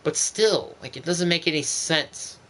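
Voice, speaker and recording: A man's voice: fairly high pitch, a little slow, a bit bright, a little hiss or hum. A young man streaming a football video game, giving casual gameplay commentary in an exasperated, ranting way.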